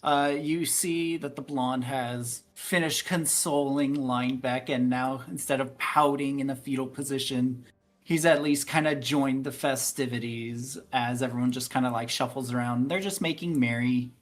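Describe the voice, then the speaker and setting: A woman running a tabletop role-play as game master, narrating in a relaxed way with frequent fillers and laughs. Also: rumbling low, normal speed.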